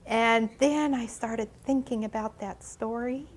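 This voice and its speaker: An older woman telling a story dramatically at a ministry gathering, gasping, sighing and stretching out the suspense. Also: on the high side. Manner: dramatic, with gasps, sighs and drawn-out pauses. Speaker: ministry speaker. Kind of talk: animated children's storytelling. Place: church gathering.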